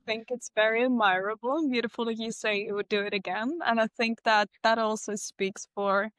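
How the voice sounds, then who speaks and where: A woman with a fairly high voice hosts a podcast and speaks to her guest in an earnest, affirming way. The recording is dry and close, with no room echo. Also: steady tone, a little fast, a bit bright, smooth. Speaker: podcast host. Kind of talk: heartfelt interview talk.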